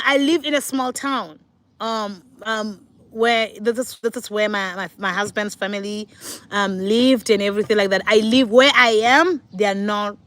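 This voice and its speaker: High-voiced chatty woman in her forties. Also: fairly bright tone, no echo. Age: 40s. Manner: chatty, talks to viewers, laughs often. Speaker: vlogger, mother. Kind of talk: casual sit-down chat.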